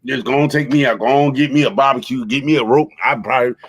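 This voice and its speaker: A man's voice: mid-range voice, quick pace, husky, no room sound, rough recording. A man, hosting a stream and telling exaggerated comic stories with lots of laughter. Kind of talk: joking storytelling on a livestream.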